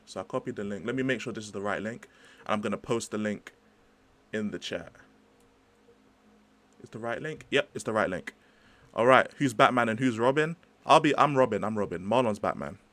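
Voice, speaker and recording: Rambling through a casual football livestream, a young host talks in chatty slang and keeps breaking off to address his chat. He speaks at a middle pitch with a slightly bright sound.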